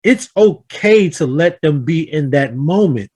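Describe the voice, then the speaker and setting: A man's voice: fairly high pitch, a little slow. A man hosting a round table talk, earnestly telling a family story and acting out the quotes. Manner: earnest, animated storyteller who acts out quotes. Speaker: host of a round table discussion. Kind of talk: casual storytelling in a group talk.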